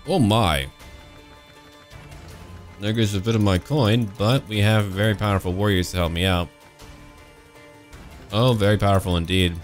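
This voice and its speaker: A man with a very low voice talks over his video game in a playful let's-play style. He drops into mock-pompous, old-fashioned turns of phrase and bursts into high, silly exclamations. Faint music plays beneath him. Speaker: gameplay commentator.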